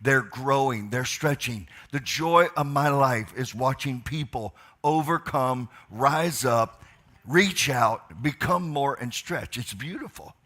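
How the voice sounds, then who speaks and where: Brief: male pastor, bright, forceful voice, hype-up preaching with jokes. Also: medium pitch, lively intonation, takes it slowly. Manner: enthusiastic, joking, rallies the crowd. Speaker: pastor and leadership event host. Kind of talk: energetic sermon and hype.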